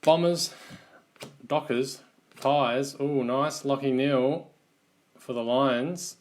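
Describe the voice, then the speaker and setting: An Australian man runs a live card break, naming each team and player as the cards come out. He talks at a slow, easy pace with a mid-range voice, relaxed and chatty with his viewers. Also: mid-range voice. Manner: unhurried, relaxed running commentary, calling out teams one by one. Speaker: card box break host.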